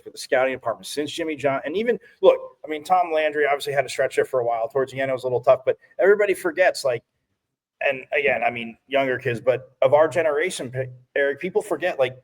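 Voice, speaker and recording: Rambling animated sports-talk man. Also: mid-range voice. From from Phoenix area. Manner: rambling, restarts, animated storytelling. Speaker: sports talk show co-host.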